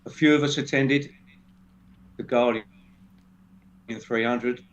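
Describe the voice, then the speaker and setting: A man speaking as a guest in a casual discussion, halting and restarting often. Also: mid-range voice, fairly even intonation. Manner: halting, many restarts and fillers. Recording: dull lo-fi sound with faint noise.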